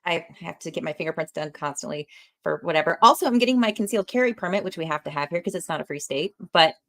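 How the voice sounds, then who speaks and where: Podcast host: animated woman, quick to laugh, casual chat. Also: on the low side. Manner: animated, laughs often, talks with her hands.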